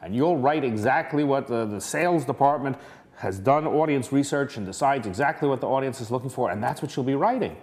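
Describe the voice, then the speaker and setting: A man's voice: medium pitch, expressive, a little fast, darkish tone, natural voice. A man putting on a condescending woman who heads hiring at a company, dismissive and patronizing. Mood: scornful. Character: condescending woman office manager, head of hiring.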